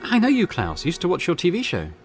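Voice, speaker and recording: A man's voice: sits high, wildly swooping pitch, fast, faint music behind, voice pushed up, exaggerated voice. A man reading the lines of a young woman lawyer on holiday, the heroine of a game.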